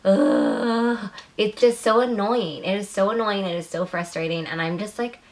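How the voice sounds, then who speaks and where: A woman's voice: medium pitch, a little fast. A woman talking casually to camera in a rambling, frustrated book review with lots of filler words.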